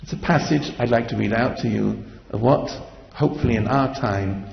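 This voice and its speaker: A man's voice: mid-range voice, moderate pace, gravelly, reverberant, in a large hall, highs cut off. A man giving a Torah lecture as a sermon, asking repeated rhetorical questions and chanting verses. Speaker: rabbi giving a Torah class.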